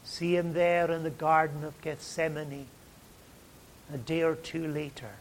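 A man preaching a sermon in a dramatic way, dropping to a hush and then rising loud. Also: a little high, flat delivery, a little slow, slight background noise. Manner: dramatic, swings from hushed to loud.

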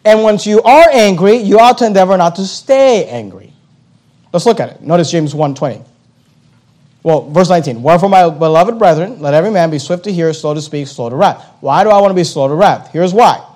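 A male pastor with a notably high voice delivers a sermon. He drives his points with repetition and rhetorical questions. He slows right down to read the scripture verses. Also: animated, darkish tone. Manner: reads scripture slowly and deliberately.

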